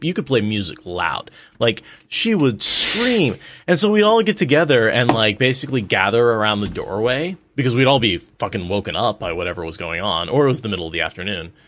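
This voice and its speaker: A young adult man co-hosting a casual book discussion, telling an animated story and swearing casually. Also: fairly low pitch, dry recording. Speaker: podcast co-host.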